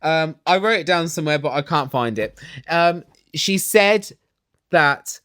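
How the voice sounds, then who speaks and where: A speaker ranting in a casual, gossipy style while recapping a reality TV episode, with exaggerated, animated reactions. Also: medium pitch, a little slow, clean tone, no room sound, studio quality.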